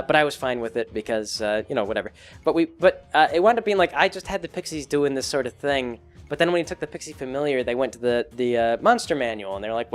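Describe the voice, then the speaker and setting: A man casually recounting a tabletop campaign he ran as game master, rambling with many fillers. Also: medium pitch. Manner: rambling, full of fillers and restarts. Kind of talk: casual chat.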